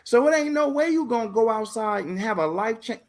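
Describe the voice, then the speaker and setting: Animated high-voiced man in casual chat. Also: fairly quick. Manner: animated storyteller, acts out voices, repeats phrases. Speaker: podcast host.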